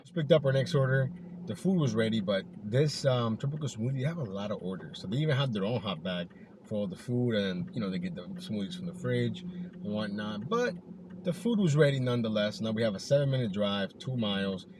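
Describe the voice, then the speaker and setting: A man's voice: lowish voice, lively intonation, fairly quick. Upbeat man vlogging from his car. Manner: upbeat, rambling, lots of fillers like "you know". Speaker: delivery driver vlogger. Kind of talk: casual vlog narration. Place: inside a car. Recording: clear car and road noise behind. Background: car and road noise.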